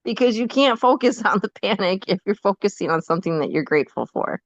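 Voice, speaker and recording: A woman's voice: mid-range voice, lively intonation, fast, dry recording, muffled recording. A woman podcast guest in casual chat, telling a personal story candidly and often laughing.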